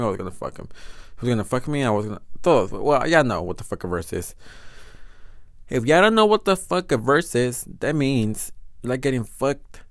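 A man's voice: lowish voice, dry recording, clean studio sound. A young man telling a story on his podcast, rambling and swearing a lot, slipping into phrases. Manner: profane, rambling, switches into Spanish phrases. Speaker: podcast host. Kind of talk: casual storytelling monologue.

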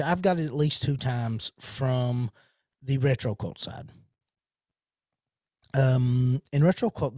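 A man's voice: mid-range voice, darkish tone, no room sound, studio quality. Rambling man on a solo podcast. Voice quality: self-described horrible accent. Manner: rambling, many restarts and fillers. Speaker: podcast host. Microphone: studio podcast mic.

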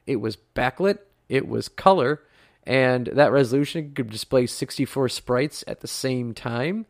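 A man's voice: mid-range voice, a little slow, no room sound, studio quality. A man in his thirties from the United States, hosting a podcast in a chatty, rambling way with lots of fillers. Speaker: podcast host. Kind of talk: casual podcast talk.

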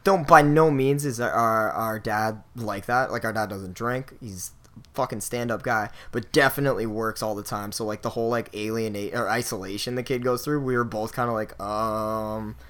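A young man hosts a podcast, telling a story in loose, profane casual chat and leaning heavily on filler words. His voice is on the low side, a bit bright, at a normal speed.

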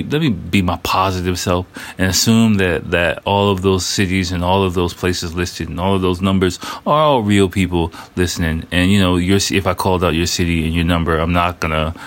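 A man in his thirties hosting a casual solo podcast, loose and rambling, full of fillers, restarts and slang. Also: low voice. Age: 30s. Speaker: podcast host.

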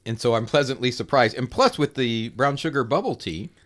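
A man's voice: medium pitch, expressive, fairly quick. Man, podcast co-host; rambling, jokey, keeps correcting himself. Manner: rambling, joking, self-correcting. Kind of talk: casual chat.

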